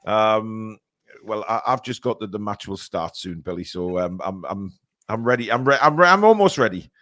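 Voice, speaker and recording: A man's voice: fairly low pitch, lively intonation, moderate pace, fairly bright tone, no echo, clean studio sound. A man from England hosting a live football fan stream, chatting casually with many fillers and reading out viewer comments.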